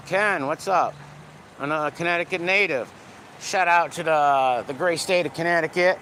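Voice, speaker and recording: A man's voice: a little high, normal speed, sharp tone. Rambling Rhode Island man on a street. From Providence, Rhode Island. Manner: rambling, profane, bouncing between greetings and rants. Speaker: livestreamer walking his dog. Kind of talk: casual livestream chat with viewers. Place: city street with passing cars. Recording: faint street traffic noise.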